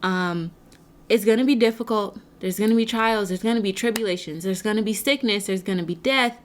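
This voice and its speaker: A gentle, comforting God makes his promises in a calm, steady tone, as a woman voices him. The voice sits a touch lower than her usual talk and stays soft and unhurried. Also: lightly acted. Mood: reassuring. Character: calm, reassuring male God speaking to a soul.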